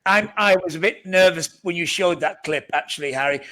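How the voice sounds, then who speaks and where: A man with a Scouse accent shaded by north Welsh tones speaks as a guest actor, recounting stories against himself. His voice sits high for a man, and he trips over his words in quick restarts. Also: crowd noise, rough recording. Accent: Scouse with a north Welsh tinge. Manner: self-deprecating, often stammering restarts. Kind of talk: anecdotal chat.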